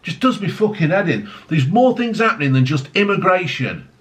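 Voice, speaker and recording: A man's voice: high voice, sing-song, normal speed. A man ranting angrily on his vlog, swearing heavily, mocking people and piling on tag questions. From United Kingdom. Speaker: vlogger. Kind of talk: angry political rant.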